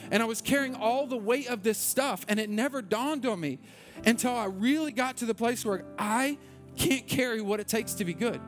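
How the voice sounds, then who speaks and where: A man's voice: extremely high pitch, fairly quick, over music. A man preaching a sermon in an earnest, repetitive way that rises to passionate intensity. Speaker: pastor.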